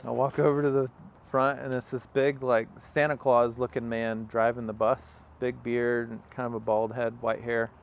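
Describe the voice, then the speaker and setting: A man's voice: medium pitch, flat delivery, measured pace, vocal fry. A young man, an interview guest, telling a long personal story in a casual, rambling way with many fillers and acted-out quotes. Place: outdoors on a farm.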